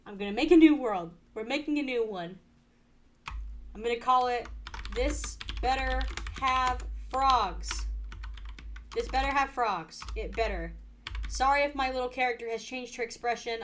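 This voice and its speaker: A woman streaming a game with casual commentary, excitable and swearing freely, swinging from quiet muttering to loud exasperated outbursts. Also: on the high side, moderate pace, long pauses, a little hiss or hum.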